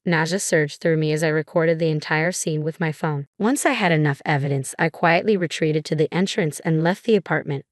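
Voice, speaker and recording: Woman narrator, low pitch, dry close recording, measured scripted storytelling. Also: no room sound.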